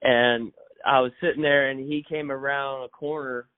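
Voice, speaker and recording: Calm, easygoing fishing captain. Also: male voice, medium pitch, moderate pace, no echo. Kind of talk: casual podcast storytelling. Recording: dry, tinny phone-like audio.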